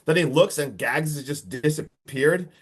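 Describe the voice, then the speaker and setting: A young man co-hosting a podcast, casually recapping a horror film in a rambling, animated way with lots of filler words and mild swearing. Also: a little high, a little slow, husky. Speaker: podcast co-host reviewing a film.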